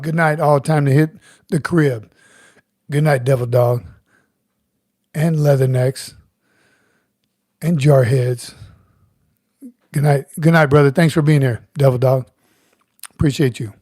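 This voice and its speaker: Middle-aged male host, easygoing and chatty, mellow voice with a dry, close sound. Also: medium pitch, dry recording. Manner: relaxed, chatty, chuckles often, greets viewers by name. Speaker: livestream host, retired Marine sergeant major. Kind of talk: casual livestream chat reading comments.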